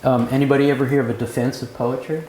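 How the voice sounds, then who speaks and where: A man's voice: medium pitch, little pitch movement, fast, a little mellow. Man leading a poetry seminar in a roomy cafe. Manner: lecturing, questioning the group. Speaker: seminar leader. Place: cafe room with a seminar group. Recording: roomy room sound, faint background noise.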